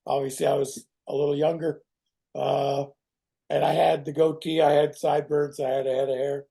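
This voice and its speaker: A middle-aged man, a guest actor in a casual interview who tells animated stories, swears and acts out other people's voices. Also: a little high, normal speed, gravelly, slightly rough. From Canada.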